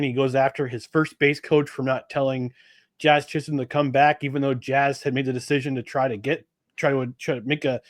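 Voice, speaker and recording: A man co-hosting a sports podcast, talking in an animated, exasperated way with many restarts. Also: on the high side, dry recording, studio quality. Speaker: podcast co-host. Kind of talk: casual sports talk.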